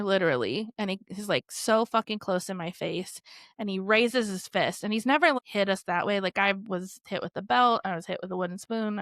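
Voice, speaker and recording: A woman's voice: mid-range voice, a bit bright, no room sound, studio quality. A woman podcast host telling her own story candidly, rambling with lots of "like" and swearing freely.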